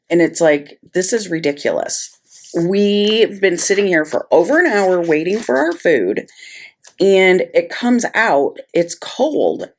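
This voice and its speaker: A middle-aged woman casually telling a story while she plans, chatty and exasperated. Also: on the low side. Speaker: planner vlogger.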